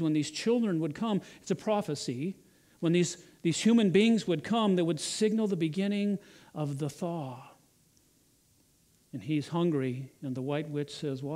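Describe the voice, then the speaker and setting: A man's voice: on the high side, darkish tone. A male pastor retelling a children's story in a sermon, often repeating and restarting words.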